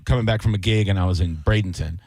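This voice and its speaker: A man co-hosting a casual radio aftershow, telling animated stories and acting out quotes. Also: low-pitched, quick pace, vocal fry, no room sound. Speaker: radio show co-host. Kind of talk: casual radio chat, storytelling.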